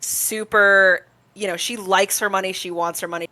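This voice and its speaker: A woman's voice: mid-range voice, fairly even intonation, normal speed, sharp tone, no echo. A woman tabletop player who chats casually, rambles through lore explanations and swears freely.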